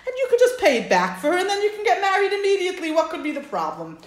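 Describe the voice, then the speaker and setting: A woman voicing a helpful matchmaker who gives brisk, emphatic advice. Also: extremely high pitch, huge pitch swings, echoey room, pitched above the performer's own voice, exaggerated voice. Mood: reassuring. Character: helpful older male matchmaker.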